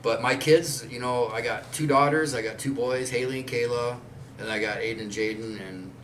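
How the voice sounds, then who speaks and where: Medium in pitch with fairly even intonation and a fairly bright tone, a fortysomething podcast host speaks at a moderate pace. His casual chat is blunt and loosely rambling, with lots of swearing. The recording is roomy and distant, with faint ambience and a little hiss or hum.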